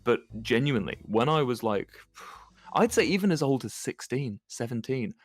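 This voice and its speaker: A man's voice: mid-range voice, animated, moderate pace, dry recording, clean studio sound. A young British man chatting casually on a podcast and telling frank stories about his past mistakes, swearing freely. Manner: candid storytelling with frequent swearing. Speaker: podcast co-host.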